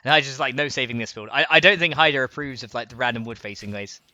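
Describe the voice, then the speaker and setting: A man's voice: mid-range voice, fast, pushed and bright, no room sound, highs cut off. A young man streaming a building game, chatting casually, giggling and reading out chat messages. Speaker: gaming streamer. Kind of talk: casual live gameplay chat.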